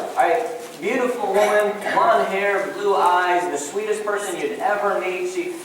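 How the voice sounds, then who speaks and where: Casual man preaching in an echoey church. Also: high voice. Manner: casual, chatty, self-deprecating, addresses the congregation as guys. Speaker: pastor. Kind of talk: sermon with a joke story. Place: church sanctuary. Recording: echoey church hall from far off, faint room noise.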